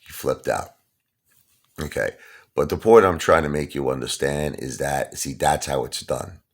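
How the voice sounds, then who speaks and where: Brooklyn man with a very deep, gravelly voice, a hard-talking host who tells street stories. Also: moderate pace. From Brooklyn, New York. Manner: tough-talking, repeats "you understand?" and "okay?". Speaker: channel host. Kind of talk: casual storytelling monologue.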